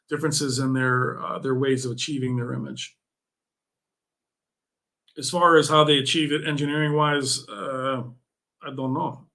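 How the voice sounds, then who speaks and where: A young man hosts a loose livestream chat with a bright, slightly high voice. He is excitable and jokey, laughs easily and throws playful challenges at his chat. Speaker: livestream host.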